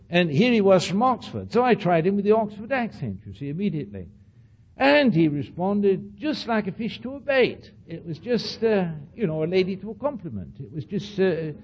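Husky man with an accent, lively storyteller. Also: a little high. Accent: non-native English accent. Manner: animated, digressive storyteller with frequent "you see". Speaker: speaker addressing an audience. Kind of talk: anecdotal storytelling lecture. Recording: dull lo-fi old recording.

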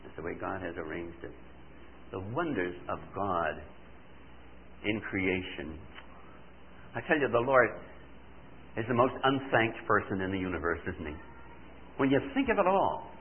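Animated older man preaching, tinny sound. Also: on the low side, a little slow, pauses often, slight background noise. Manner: animated, asks rhetorical questions, mimics listeners' replies. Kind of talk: sermon. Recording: tinny phone-like recording.

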